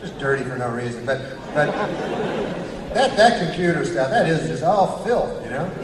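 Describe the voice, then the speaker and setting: Rambling stand-up comic in a roomy club. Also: male voice, a little high, expressive, moderate pace, very noisy. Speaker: stand-up comedian. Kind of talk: stand-up routine. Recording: roomy club sound from far off with loud crowd. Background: audience laughter.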